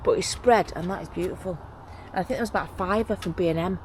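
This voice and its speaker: A woman vlogs casually from her allotment, rambling and getting excited over her plants. Her voice sits a little low for a woman. A clip-on mic picks her up outdoors over a faint background hiss. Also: fast talker. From England. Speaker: allotment vlogger. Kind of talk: casual chat to camera.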